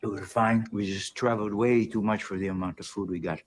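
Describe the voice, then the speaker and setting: An actor playing a tired husband just back from a long journey, speaking low in a drama clip. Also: male voice, fairly even intonation, brisk, slight background noise, close to an everyday voice. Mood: weary. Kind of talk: scripted drama dialogue.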